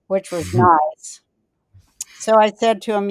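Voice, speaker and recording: A woman's voice: medium pitch, moderate pace, hardly any pauses, a little mellow, clean tone, dry recording, studio quality. Blunt rambling woman podcast host. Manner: rambling, profane and blunt, loses her thread. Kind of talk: casual rambling storytelling chat.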